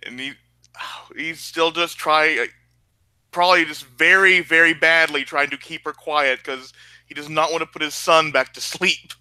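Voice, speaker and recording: Flustered guy player, kinda high bright voice, stumbles over words. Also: fairly even intonation, moderate pace, smooth, dry recording. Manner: flustered, stammering apologies in character. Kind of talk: tabletop role-play.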